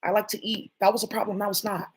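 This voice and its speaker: A woman's voice: mid-range voice, flat delivery, quick pace, breathy edge, rough recording. A woman vlogger talking to her viewers in a rambling, jumpy monologue, swearing often.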